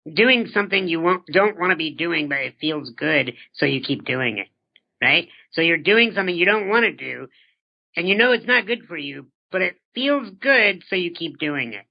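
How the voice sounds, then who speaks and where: A man's voice: on the high side, lively intonation, moderate pace, gravelly. A man in his thirties, an interview guest, talking earnestly and reflectively, often posing rhetorical questions and repeating words as he starts a thought. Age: 30s. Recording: dull lo-fi recording.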